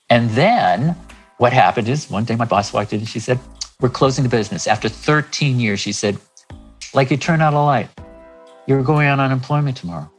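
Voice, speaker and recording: Man, 60s, life coach guest; lively raconteur who performs the dialogue, soft music bed. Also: medium pitch, moderate pace. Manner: animated, acts out dialogue in shifting voices. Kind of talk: storytelling interview talk.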